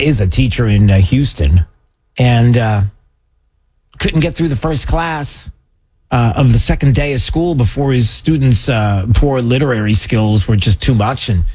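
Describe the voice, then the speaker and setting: A man's voice: medium pitch, darkish tone, husky. A man hosting a talk radio show, chatting casually and rambling with a joking, self-deprecating manner.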